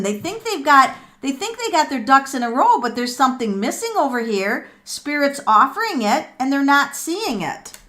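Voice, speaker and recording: A middle-aged woman with a high voice hosts a live tarot reading. She is excitable and thinks aloud, full of ums and repeated words. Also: moderate pace, few pauses. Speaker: tarot reader and livestream host.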